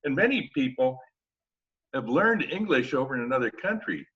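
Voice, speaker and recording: A man's voice: mid-range voice, big pitch swings, moderate pace. A man joining a workshop discussion, commenting hesitantly with fillers. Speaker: workshop participant. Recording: distant, dull video call audio.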